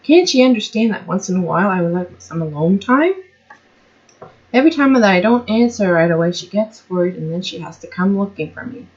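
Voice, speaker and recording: A woman with a medium-pitched, slightly mellow voice and lively intonation reads aloud a first-person story of her own, going a little fast. As an amateur storyteller she often trips over words and restarts, pointing out her own slips. The recording sounds slightly muffled.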